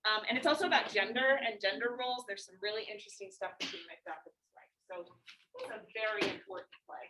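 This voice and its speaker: A woman's voice: medium pitch, fast, heavy background noise. A young woman teacher giving a casual, chatty class lecture, full of fillers and easy laughs. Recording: echoey classroom, far from mic.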